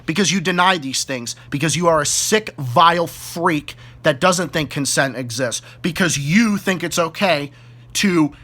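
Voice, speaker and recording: A man's voice: on the high side, unhurried, fairly bright tone. A man with a Boston accent delivering an angry, profane rant straight at the camera, hurling repeated insults. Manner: furious, profane, repetitive insults. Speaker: YouTube ranter.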